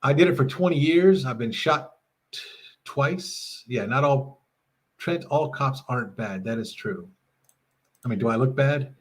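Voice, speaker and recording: Chatty husky-voiced man reading chat. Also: medium pitch, measured pace, pauses often. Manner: chatty, laughs often, reads chat aloud. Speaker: livestream host. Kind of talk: casual live chat reading. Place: home RV.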